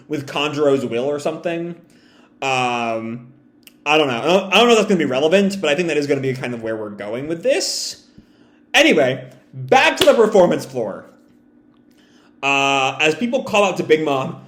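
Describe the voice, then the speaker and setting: A man hosting a live comic reading reaction, chatty and animated, with asides and fillers. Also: fairly high pitch. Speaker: host. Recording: roomy echo.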